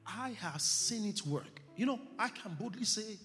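A middle-aged man, a pastor preaching a sermon in church, stressing phrases slowly and building to emphatic peaks. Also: high voice, animated, bright, forceful tone. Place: church hall. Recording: church hall reverb with music behind.

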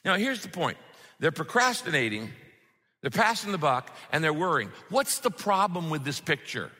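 Bright lively pastor guy preaching, acts out voices, big echoey church hall. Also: fairly high pitch, normal speed. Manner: animated, acts out voices of the disciples. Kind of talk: sermon. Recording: reverberant hall.

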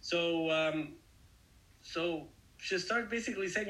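Male Bible teacher, fairly high, bright, forceful tone; earnest and explanatory, talks to listeners directly. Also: moderate pace, rough recording. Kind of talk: conversational Bible study sermon.

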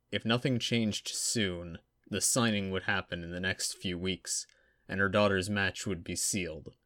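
A man narrating fiction aloud in a steady, even storytelling manner. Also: deep voice, dry recording, clean studio sound. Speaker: audiobook narrator.

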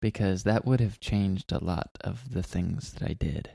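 A man's voice: low voice, measured pace, gravelly, mellow, husky, no echo, studio quality. A man in his twenties co-hosting a casual podcast with his wife, recorded in their bedroom, talking in a rambling, chatty way. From California. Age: 20s. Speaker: podcast co-host. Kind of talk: casual chat. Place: bedroom at home.

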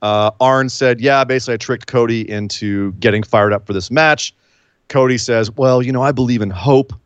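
A man's voice: mid-range voice, moderate pace, clean tone, no room sound, lo-fi sound. A man hosting a casual chat, recapping events in a rambling, wry way. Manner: rambling, wry, throws in silly voices. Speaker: podcast host.

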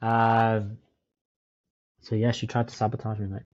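A man's voice: on the low side, level tone, measured pace, darkish tone, no room sound. Laid-back man co-hosting a podcast, dull dry sound. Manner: laid-back, swears, says "mate". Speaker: podcast co-host. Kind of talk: casual chat. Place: in Dublin, remote call.

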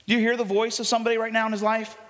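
A man preaches to his church in a high, lively voice. He talks to the congregation like it's a conversation and acts out the voices of the people in the story. His voice rings with long reverb through the sanctuary. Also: rapid-fire. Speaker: pastor. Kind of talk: sermon.

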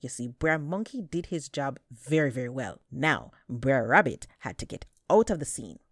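A woman telling folktales aloud, animated and dramatic, stretching words for effect. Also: rumbling low, normal speed, no room sound, studio quality. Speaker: storyteller. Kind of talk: folktale storytelling.

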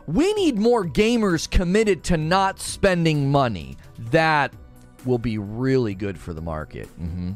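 Man, stream host, sarcastic rant, very lively pitch, soft music underneath. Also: unhurried. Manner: sarcastic, mocking ranting. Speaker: livestream host. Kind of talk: live stream commentary reading chat.

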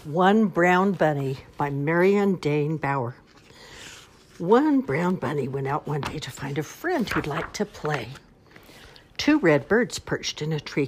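An older woman reads children's picture books aloud in a low, slightly breathy voice. Her delivery is sing-song and unhurried, with wide swoops in pitch. She tells each story the way a grandmother reads at bedtime. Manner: sing-song, expressive read-aloud with lively pitch swings.

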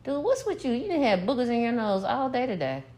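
A middle-aged woman telling a story in casual chat, animated and profane, breaking into laughter. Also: a little high, a little fast. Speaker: podcast co-host, mother.

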